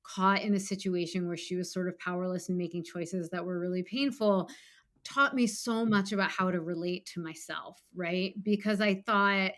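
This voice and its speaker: A woman's voice: lowish voice, steady tone, normal speed, fairly bright tone. A middle-aged woman author in a casual interview, talking with lots of "like" fillers and now and then acting out her own inner voice. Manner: frequent "like" fillers, acts out her inner voice in bursts. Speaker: author guest.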